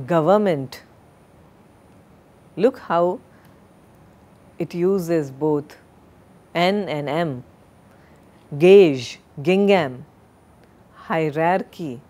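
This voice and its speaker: Woman, lecturer, slow deliberate delivery, lowish pitch, recorded lesson, lapel mic. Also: a little mellow. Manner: slow, deliberate, drills word pronunciations.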